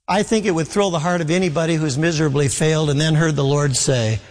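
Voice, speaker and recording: Guy preaching, earnest and pleading, voice a bit high, big echoey church sound. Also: fast talker, few pauses, a little mellow. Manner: earnest preaching, voicing Jesus and Peter in first person. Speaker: pastor. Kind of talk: sermon.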